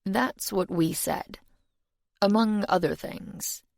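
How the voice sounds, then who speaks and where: A woman's voice: mid-range voice, slow pace, vocal fry, no echo. A woman voicing an urbane, genial old demon. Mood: dry. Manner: polite, dry, gently world-weary. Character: genial ancient male demon, urbane, chain-smoking.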